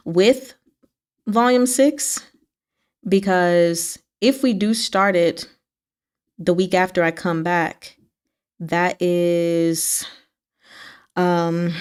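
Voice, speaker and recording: A woman with a slightly low voice hosts a relaxed book club livestream. She chats loosely and answers her viewers' comments. Her pitch keeps leaping up on exclamations before it settles back down. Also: clean tone. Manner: chatty, animated pitch swings, talks back to chat. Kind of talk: casual livestream chat with viewers.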